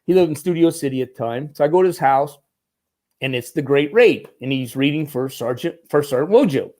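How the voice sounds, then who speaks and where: Speaking fairly quickly with a slightly raised pitch, a man who went from Marine to stuntman and military advisor is a guest in an interview. His stories are loose and rambling, packed with fillers, and he breaks into lively impressions of the people in them.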